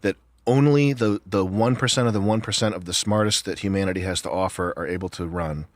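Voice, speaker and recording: A man's voice: low voice, a little fast, dry recording. A man in a casual podcast chat, ranting with profane disbelief into a close mic. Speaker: show co-host.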